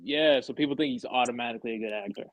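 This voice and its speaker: Man, rapid and mocking, with loud crowd noise behind him. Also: medium pitch, low-quality recording. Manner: dismissive, mocking. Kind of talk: casual group chat.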